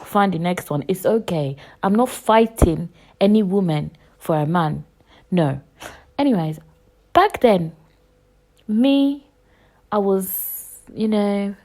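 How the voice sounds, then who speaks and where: A woman in her twenties hosting a podcast, delivering a heated, profane rant full of repetition, with loud bursts and hushed asides. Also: mid-range voice. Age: 20s. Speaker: podcast host. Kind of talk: casual podcast monologue.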